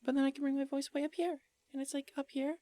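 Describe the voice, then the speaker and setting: A man voicing a cute anime girl in a breathy falsetto, chatting lightly. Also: little pitch movement, fast talker, mellow, no room sound. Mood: sweet. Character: cute high-voiced anime girl, sweet.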